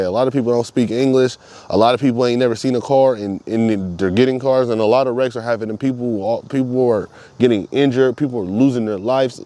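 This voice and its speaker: A man's voice: mid-range voice, darkish tone, no room sound. A man talking straight to camera in a casual monologue, swearing a lot and repeating himself for emphasis. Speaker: vlogger.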